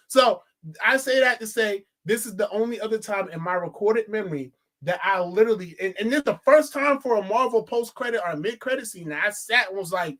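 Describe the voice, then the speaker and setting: A woman co-hosting a casual film review chat, talking in an animated, profane way and repeating phrases for emphasis. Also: fairly high pitch, a little fast.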